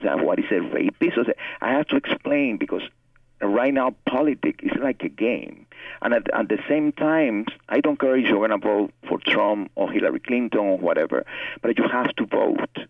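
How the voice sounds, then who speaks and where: A man's voice: medium pitch, animated, normal speed, no room sound. A novelist guest with a Cuban Spanish accent, a native Spanish speaker, who speaks earnestly and often repeats words as he searches for his English. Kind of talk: interview conversation. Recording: tinny phone line, distant from mic.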